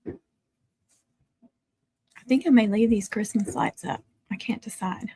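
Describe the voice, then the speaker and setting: A woman's voice: mid-range voice, a little slow, gravelly, mellow, husky. A woman chatting casually on a home livestream, laughing often and cooing at her dogs. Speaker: livestream host. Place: home, in the country.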